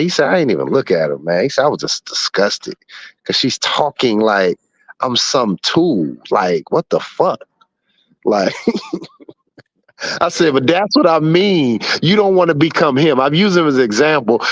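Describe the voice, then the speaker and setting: A man's voice: medium pitch, no echo, lo-fi sound. A man in his forties telling stories in a blunt, profane way during a casual podcast chat. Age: 40s. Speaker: show host.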